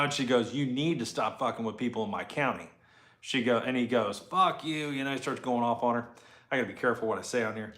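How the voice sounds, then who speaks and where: Animated man in his forties, echoey shop. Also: a little high. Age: 40s. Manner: animated, swearing, retells with quoted voices. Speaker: shop owner vlogger. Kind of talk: casual storytelling to camera. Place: garage workshop.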